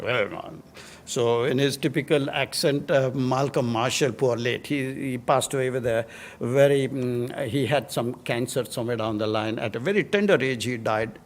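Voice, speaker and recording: An older man with an Indian English accent, a guest speaker telling lively stories to students and chuckling at his own tales. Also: mid-range voice. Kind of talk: anecdotal talk to students.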